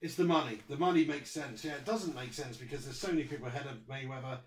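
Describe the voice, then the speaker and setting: A man's voice: medium pitch, fast. A young man co-hosting a casual sports podcast, blunt and agreeable, swearing freely as he chats. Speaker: podcast co-host. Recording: roomy echo.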